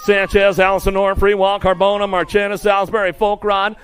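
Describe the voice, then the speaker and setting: A man announcing live BMX races, rattling off rider names with bursts of excitement. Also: high-pitched, faint music behind. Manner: rapid-fire calling of rider names, excitable. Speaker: race announcer. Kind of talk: live BMX race commentary.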